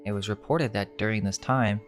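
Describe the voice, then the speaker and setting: A man with a low voice reads a scripted narration, measured and suggestive, leaning on rhetorical questions. Faint music plays beneath his voice. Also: fairly even intonation. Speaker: narrator of a conspiracy video.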